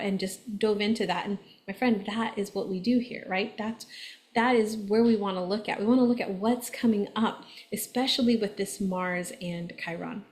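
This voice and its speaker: A woman's voice: medium pitch, moderate pace. A woman hosting an astrology forecast, talking casually to her viewers, acting out quoted voices and checking in with "right?". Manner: chatty, animated, acts out quoted voices, many "right?" tags. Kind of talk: casual conversational explanation to viewers.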